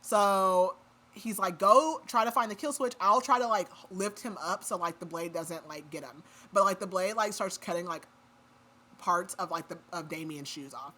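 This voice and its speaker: Here a woman retells a book plot for a podcast in relaxed, chatty conversation, leaning heavily on "like" as a filler. Her voice sits on the low side, bright and forceful, at a moderate pace, with slight background noise.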